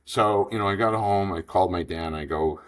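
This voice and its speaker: A man in his fifties telling a long business story in an interview, animated and rambling, acting out the dialogue. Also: sits low, fairly quick. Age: 50s. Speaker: franchise investor guest.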